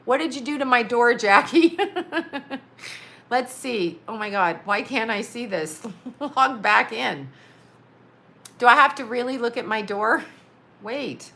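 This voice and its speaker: A woman in her forties chats into her phone camera from a small home studio. Her voice is bright and a touch high. She talks bluntly and rambles, laughing often between thoughts. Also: animated, measured pace. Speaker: psychic medium and vlogger. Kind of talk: casual livestream chat.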